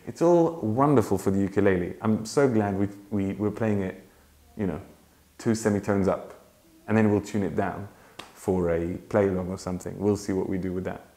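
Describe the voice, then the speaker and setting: A man's voice: on the low side, normal speed, warm tone. A man teaching ukulele in a casual, chatty way, laughing often and breaking into song. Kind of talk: casual tutorial talk with sung demonstrations. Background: ukulele playing.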